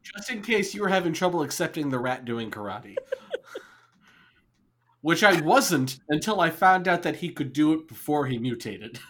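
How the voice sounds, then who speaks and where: A man's voice: a little high, expressive, normal speed, a bit bright, slight background noise. A man co-hosting a casual movie podcast, wry and joking, laughing as he talks. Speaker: podcast co-host. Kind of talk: casual movie review chat.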